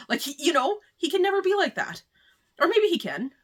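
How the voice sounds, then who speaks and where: Chatty woman with a higher voice. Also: very animated, quick pace, pushed and bright. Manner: chatty, rambling, heavy use of "like". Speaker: book review vlogger. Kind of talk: casual spoiler book review.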